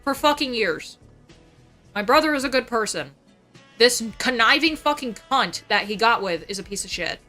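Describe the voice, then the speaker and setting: Young woman streamer, high bright voice, profane venting rant, faint music behind. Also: lively intonation. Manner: heavy swearing, fast venting. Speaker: livestreamer. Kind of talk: casual ranting chat. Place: home.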